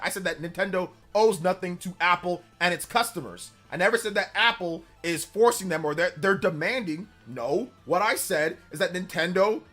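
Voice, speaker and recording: Bright-voiced man arguing with chat. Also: sits high, expressive, normal speed, few pauses. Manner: defensive, repeats himself, argumentative. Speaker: livestream host. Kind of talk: casual livestream chat, answering chat comments. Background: background music.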